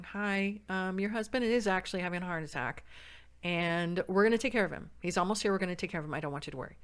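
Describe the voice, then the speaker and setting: On a podcast where she's a guest, a San Diego woman relates a personal story and performs the quoted speech with big leaps in pitch and volume.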